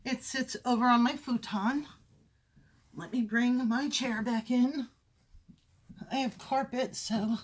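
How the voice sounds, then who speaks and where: A woman's voice: on the high side, steady tone, slow, long pauses, slightly rough. A woman hosting a crafting podcast at home, chatting casually and rambling as she shows her projects. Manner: chatty, rambling, self-correcting. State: briefly out of breath. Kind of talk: casual chat. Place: home craft room with windows.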